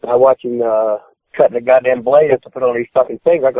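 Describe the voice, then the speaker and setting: Speaking quickly in a steady, medium-pitched voice, a retired wrestler guesting on a phone-in podcast swears constantly as he tells his stories. He loudly acts out his own quotes, and the phone audio is tinny and dry with no echo.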